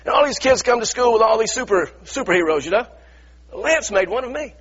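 A middle-aged pastor preaching a sermon in a church, earnest and repetitive, stumbling over restarts and firing rhetorical questions. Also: male voice, very high-pitched, lively intonation, fairly quick, a bit bright, breathy edge, muffled recording.

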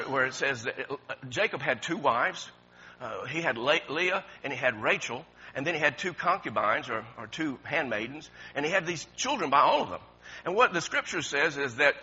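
A man preaching a sermon in an animated way, chuckling often and repeating words as he goes. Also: on the high side, breathy edge. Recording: dull lo-fi sound.

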